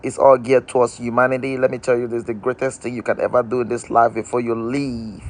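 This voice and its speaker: A man's voice: medium pitch, flat delivery, fairly quick, darkish tone. A man hosting a casual live-stream outdoors, speaking in a repetitive, emphatic, inspirational way. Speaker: motivational livestream host.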